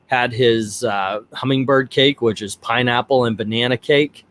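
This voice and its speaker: A middle-aged man hosting a casual vlog, telling a personal story in a rambling, animated way. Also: mid-range voice, measured pace. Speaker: vlog host.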